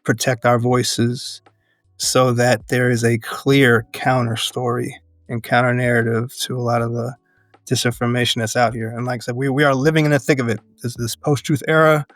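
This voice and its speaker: A man talking in an interview as an educator and activist, earnest and reflective, building his points in measured phrases and laughing often. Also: mid-range voice, flat delivery, a bit bright, no room sound, faint music behind. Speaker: podcast guest, educator and activist.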